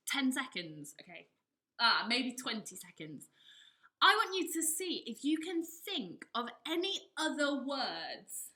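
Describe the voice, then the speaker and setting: A woman with a high, very bright, lively voice leads a children's drama lesson. She coaches the kids directly and encourages them warmly. The room is echoey, with faint music behind her. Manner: encouraging, talks directly to children, acts out anger levels. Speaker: drama teacher.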